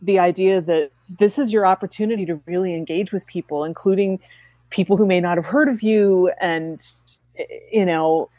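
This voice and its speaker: A chatty woman hosting an interview, talking in an expressive way with many false starts and restarts. The recording is dull and lo-fi. Her voice sits close and dry, with no room sound. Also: fairly low pitch, normal speed, dry recording. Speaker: interviewer and writer. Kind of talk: casual conversational interview.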